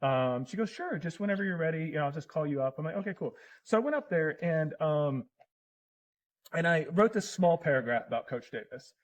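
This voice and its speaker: A man's voice: on the high side, animated, brisk, rough recording. A middle-aged man in casual conversation as a podcast guest, telling personal stories in an earnest, emotional way.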